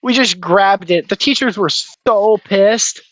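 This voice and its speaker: A man's voice: high voice, takes it slowly, a bit bright, no room sound. A young man in a casual chat, cracking crude, boastful jokes about school.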